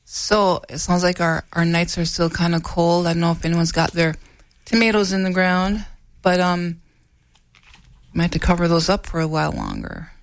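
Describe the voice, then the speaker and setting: A woman hosting a local radio show, chatting casually and clearing her throat now and then. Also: on the low side, flat delivery, moderate pace, no room sound. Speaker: radio host.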